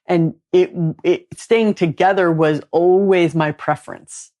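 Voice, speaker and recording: Woman podcast host, low voice, candid confessional storyteller. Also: fairly even intonation, measured pace, warm tone. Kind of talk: casual conversation.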